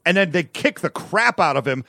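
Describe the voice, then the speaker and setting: A man with a notably high voice chats casually as a podcast co-host, walking through a TV episode with animated asides and frequent laughter. The sound is dry and close, with no room around it. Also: moderate pace, no room sound. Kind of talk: casual chat recapping a TV episode.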